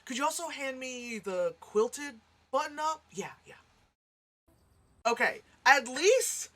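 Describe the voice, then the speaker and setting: Woman ranting about a rom-com, swears a lot, bright snappy voice, kinda high. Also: lively intonation, slow pace, slight background noise. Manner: blunt, sarcastic, swears freely; bursts into exasperated yelling. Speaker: movie reaction host. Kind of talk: casual profane commentary.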